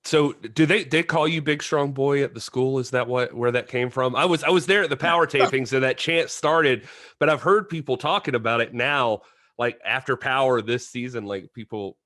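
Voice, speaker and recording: A man's voice: medium pitch, normal speed, sharp tone, dry recording, clean studio sound. A man hosting a podcast, asking rambling, hesitant questions with lots of fillers. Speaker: podcast host. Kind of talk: casual interview chat.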